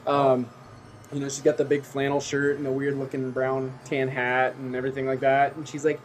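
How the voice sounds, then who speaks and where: A man's voice: medium pitch, monotone, a little fast, slight background noise. A man narrating a tabletop game as game master, rambling and correcting himself as he goes.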